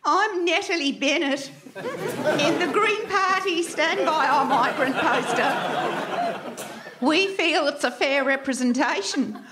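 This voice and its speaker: A woman's voice: high-pitched, animated, takes it slowly, a loud crowd, heavy background noise. An actress playing an earnest, gushing female party leader.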